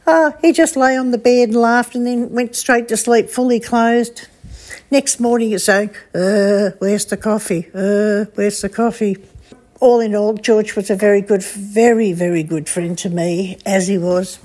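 An older woman with an Australian accent giving a spoken memorial tribute, telling stories warmly with a few hesitations. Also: fairly high pitch, fairly even intonation, normal speed. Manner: warm storytelling with hesitations.

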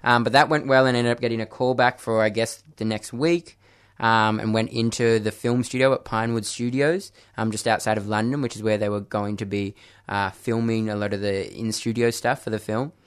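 A man's voice: fairly low pitch, steady tone, a little fast, clean tone. A young man, a dancer and actor, chatting casually in an interview, with many fillers and friendly laughs.

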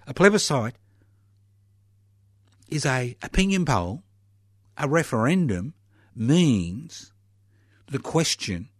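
Sarcastic radio host. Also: male voice, medium pitch, dry recording, studio quality. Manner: sarcastic, mocking, with scornful laughs. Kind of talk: opinionated political monologue.

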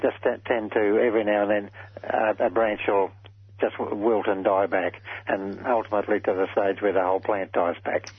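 A man calling a radio gardening show, speaking haltingly with many uhs. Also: lowish voice, level tone, slightly rough, no echo. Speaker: caller. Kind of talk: talkback radio call. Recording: slightly dull radio call sound.

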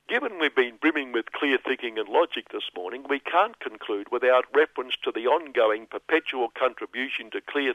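A man's voice: medium pitch, dry recording. A man runs through a mocking satirical radio monologue, every line dripping with sarcasm. The sound is dull and lo-fi, close and dry with no room around it. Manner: sardonic, mocking. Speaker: radio commentator.

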